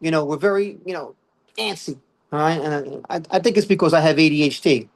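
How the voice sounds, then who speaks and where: A man's voice: fairly high pitch, a little fast. A middle-aged man, doing a rambling stand-up set full of fillers and "all right?" check-ins. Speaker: stand-up comedian.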